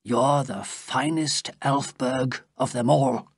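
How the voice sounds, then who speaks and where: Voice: mid-range voice, lively intonation, slow pace, fairly bright tone, dry recording, clean studio sound, voice pushed up, exaggerated voice. A reader doing a loyal old soldier. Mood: solemn.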